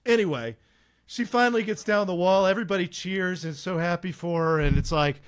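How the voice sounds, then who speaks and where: A man co-hosting a podcast, telling a casual, animated story with laughs. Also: high-pitched, fairly quick, smooth. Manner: animated, laughing anecdote teller. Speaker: podcast co-host.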